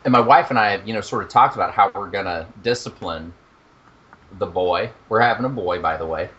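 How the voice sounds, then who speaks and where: A young man co-hosting a podcast in casual chat, animated and profane, laughing at his own jokes. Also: on the low side, fairly quick, highs cut off. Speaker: podcast co-host.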